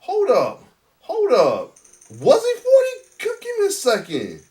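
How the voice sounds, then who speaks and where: A man hosting a reaction video in casual chat, excitable, laughing often and restarting his sentences. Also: very high-pitched, unhurried, recorded from a distance. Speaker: reaction channel host.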